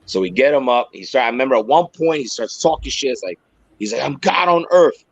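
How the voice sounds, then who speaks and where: Podcast co-host, male, husky and animated, swears freely, dry close mic. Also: medium pitch, fast talker, dry recording, highs cut off. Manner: animated, profane, acts out quoted voices. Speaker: podcast co-host, former corrections supervisor. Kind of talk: casual storytelling chat.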